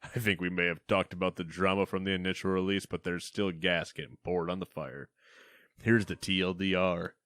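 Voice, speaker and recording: A man's voice: sits low, little pitch movement, fairly quick, fairly bright tone, clear, resonant tone, no echo. A man co-hosting a casual gaming podcast, reading news items with a playful, teasing manner and a mock anchor tone. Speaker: podcast co-host.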